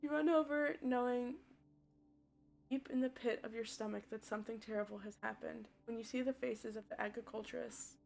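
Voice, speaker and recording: A woman streamer reading a story game's text aloud on a live stream, with loud, upset outbursts and swearing between the passages. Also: on the high side, steady tone, normal speed, vocal fry, soft background music. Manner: reads narration steadily, then breaks off with loud distressed outbursts and swearing.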